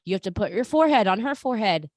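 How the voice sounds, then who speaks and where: A woman hosting a podcast in casual chat, animated and talking straight to her listeners. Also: medium pitch, racing, dry recording, clean studio sound. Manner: animated, talks to listeners as "you guys". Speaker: podcast host.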